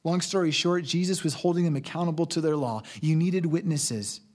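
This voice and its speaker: A man's voice: a little high, brisk, darkish tone. A man preaching a sermon in an earnest, exhorting way, moving between reading scripture aloud and urging his listeners on. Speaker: pastor.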